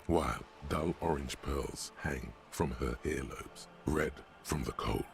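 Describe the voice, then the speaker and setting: A man's voice: very deep voice, slow, gravelly, a little hiss or hum, heavily acted. An actor playing a wry, mocking male narrator in a video game, describing scenes in a dry, sardonic way.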